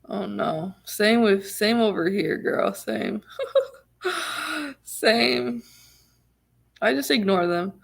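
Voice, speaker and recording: A young woman vlogging to her viewers with a gravelly, fry-edged voice. She rambles casually, circles back with restarts and little laughs. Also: medium pitch, lively intonation, drawn-out words, long pauses. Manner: chatty, full of "like" and restarts, laughs often.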